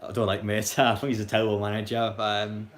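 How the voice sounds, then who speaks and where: A young man commentates matches on a live stream, chatting casually in a rambling, blunt way with frequent fillers and restarts. He talks fast in a level voice on the low side.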